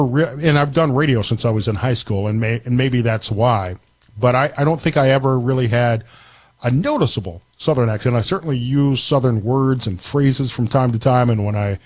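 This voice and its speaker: An easygoing man hosts a radio talk show in a relaxed, chatty way and often restarts his sentences. His voice sits in a middle register. The studio sound is dry and close. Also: medium pitch, no room sound. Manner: easygoing, conversational, frequent restarts. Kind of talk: casual talk radio chat.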